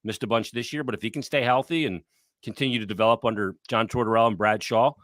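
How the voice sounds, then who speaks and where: A man co-hosting a podcast, talking sports in a blunt, profane, animated way. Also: medium pitch, fast, no room sound, studio quality. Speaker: podcast co-host. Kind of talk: casual sports talk.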